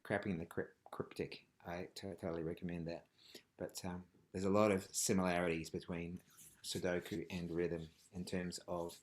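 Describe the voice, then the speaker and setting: A man teaching a live online rhythm class over a video call, playful and jokey, with frequent ums and laughs. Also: deep voice. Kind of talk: live online group lesson.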